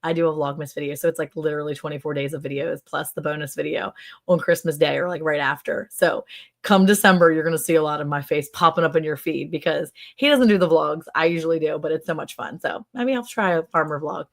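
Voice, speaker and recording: Middle-aged woman chatting on a livestream, rambly, lots of "like", bit low voice. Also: creaky. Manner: chatty, lots of "like" fillers, quick to laugh. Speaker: ranch channel host. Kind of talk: casual livestream chat.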